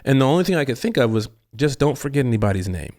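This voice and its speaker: A man's voice: medium pitch, very animated, fast, darkish tone. A man, an actor, chatting as a guest in a casual interview, telling stories animatedly and acting out his own reactions, with rambling restarts. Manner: rambling with frequent restarts and laughs.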